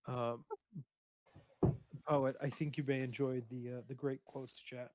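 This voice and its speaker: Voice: mid-range voice, little pitch movement, unhurried, a little mellow. A person chatting on a livestream, hesitant with many "um"s, giving earnest advice. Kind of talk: casual chat on a livestream.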